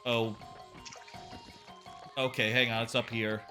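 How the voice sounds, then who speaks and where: Guy streaming a game, bright tone, rambly and swears a lot, soft game music behind. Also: mid-range voice, slow pace. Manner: rambling, swears, many fillers, animated quoting. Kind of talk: casual gameplay commentary.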